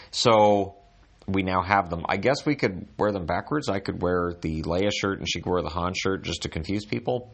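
A middle-aged man with a deep, low voice chats on his podcast from a hotel room. His humor is dry and self-deprecating, and he often restarts his sentences as he goes. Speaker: podcast host. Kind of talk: casual solo podcast chat.

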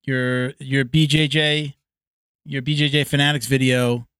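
A man hosts a podcast and asks a guest casual questions, often restarting mid-sentence. His voice has a middle pitch and sounds dry and close. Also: flat delivery, measured pace, fairly bright tone, smooth, dry recording. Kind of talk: casual interview chat.

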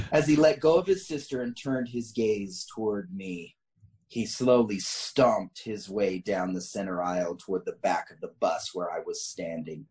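A man's voice: fairly low pitch, normal speed, a little mellow, rough recording. A man co-hosting a casual chat, reading a story aloud in a dramatic storytelling tone, often laughing and tripping over the words.

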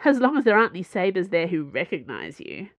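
A woman's voice: fairly low pitch, huge pitch swings, fast talker, no room sound. Woman voicing a skeptical woman musketeer. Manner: dry, skeptical.

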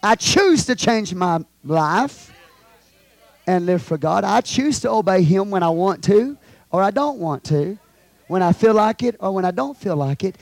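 A pastor with a high, ringing voice preaches a fiery sermon from his pulpit. He drops to hushed asides and then bursts into shouts. The sound is dry and close. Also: lively intonation, a little slow, creaky, dry recording. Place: church sanctuary.

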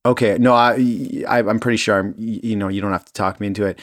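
A man's voice: lowish voice, steady tone, quick pace, no echo, clean studio sound. A man co-hosting a podcast in casual chat, easygoing and a little hesitant, with lots of fillers. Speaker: podcast co-host.

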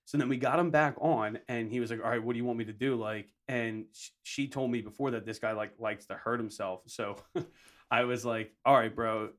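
A man's voice: medium pitch, moderate pace. A young man on a podcast telling a story with lots of swearing, acting out what everyone said. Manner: profane, animated storyteller acting out quotes. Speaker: podcast co-host. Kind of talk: casual podcast chat.

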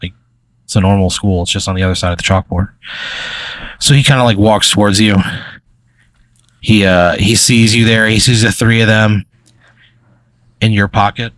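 A man's voice: lowish voice, steady tone, normal speed, long pauses, a bit bright, no room sound. A man running an improvised story game as game master, rambling with many fillers and chuckles.

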